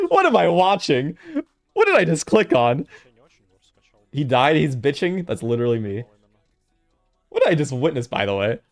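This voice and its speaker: Young guy streaming from home, super lively voice that swings all over, swears a ton, laughs a lot. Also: fairly high pitch, measured pace, long pauses, soft background music. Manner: animated, swears freely, laughs often. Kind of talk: casual live-stream reaction chat.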